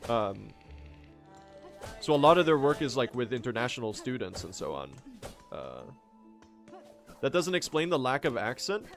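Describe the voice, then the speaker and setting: A man's voice: medium pitch, sing-song, moderate pace, gravelly, pauses often, soft background music. A man from Sweden with an American-sounding accent, chatting casually with his viewers while speedrunning a game and swearing now and then. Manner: chatty, swears, answers chat questions. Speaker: streamer.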